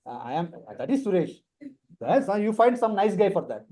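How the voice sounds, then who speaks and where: A man's voice: high-pitched, very animated, a little fast, dark tone. Man, Telugu Indian accent, joking instructor, playful teasing tone, online class. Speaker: instructor leading a career workshop.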